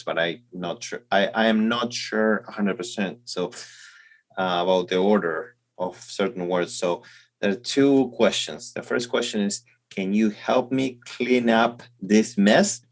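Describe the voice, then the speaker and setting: Hesitant Argentine man with a Spanish accent. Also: deep voice. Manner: hesitant, stammering restarts while asking questions. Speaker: co-host. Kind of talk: casual conversational language chat.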